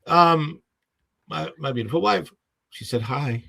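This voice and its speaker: A man's voice: medium pitch, lively intonation, unhurried, gravelly, a bit bright. A man hosting a casual livestream podcast, rambling and full of fillers and restarts, often laughing at his own stories.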